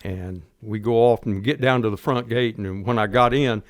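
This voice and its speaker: A man's voice: fairly low pitch, moderate pace, no echo, clean studio sound. An older man telling his war story in a folksy, plainspoken interview manner. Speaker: guest veteran.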